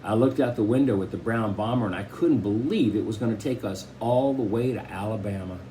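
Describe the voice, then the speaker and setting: A man's voice: fairly quick, slight background noise. A man narrating a children's novel as an audiobook reader, storytelling expressively. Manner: expressive storytelling with shifting pitch. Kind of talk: scripted narration.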